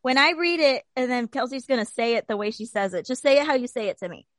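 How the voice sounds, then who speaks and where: High girl teasing her friends loud n fast, swears a lot, dry mic. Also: dry recording. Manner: excitable, teasing, swears freely. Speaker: co-host and player. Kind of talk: casual game chat.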